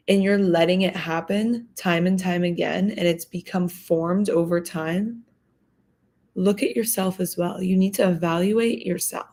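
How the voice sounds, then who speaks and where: Firm, emphatic woman with a gravelly edge. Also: medium pitch. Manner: firm, emphatic, repeats points. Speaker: vlogger giving advice. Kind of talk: direct-to-camera advice talk.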